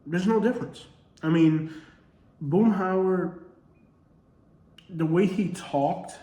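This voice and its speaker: A man's voice: on the high side, a little mellow, roomy sound. A man with a Southern accent, a comedy creator speaking in a casual commentary monologue, earnest and full of rhetorical questions. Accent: Southern US, Alabama-tinged.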